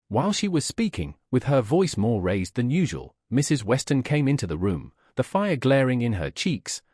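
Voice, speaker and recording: A man narrating a classic novel as an audiobook, expressive and measured. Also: medium pitch, husky, no room sound, studio quality.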